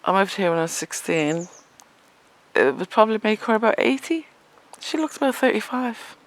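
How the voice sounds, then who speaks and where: A woman in her fifties rambling through a personal story in a blunt, animated way, swearing freely. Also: medium pitch, normal speed. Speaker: vlogger.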